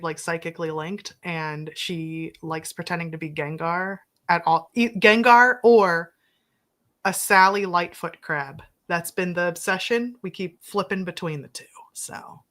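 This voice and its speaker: Bright-voiced woman with an Appalachian accent. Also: lowish voice. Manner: rambling, filler-heavy storytelling. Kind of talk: casual chat.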